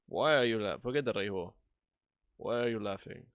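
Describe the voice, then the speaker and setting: A man with a non-native English accent streaming a video game, chatting excitably, laughing and swearing often. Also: fairly low pitch, a little fast, no room sound, muffled recording. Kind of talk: casual live-stream chat.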